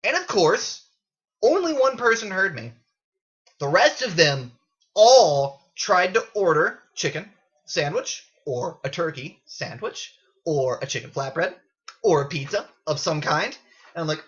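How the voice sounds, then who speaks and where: Man, casual unscripted storytelling, sarcastic, swears a lot, bright sharp tone, muffled camera-mic sound. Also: on the high side, a little slow. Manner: animated and sarcastic, swears freely. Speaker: gaming video creator. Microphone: built-in camera mic.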